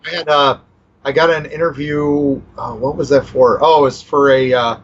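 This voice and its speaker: A male author talks through his answers in a loose, rambling way, full of "you know" and restarts. His voice sits at an ordinary pitch, and the line sounds dull and lo-fi. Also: steady tone, normal speed, a little hiss or hum. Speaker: author and guest. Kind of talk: casual interview chat.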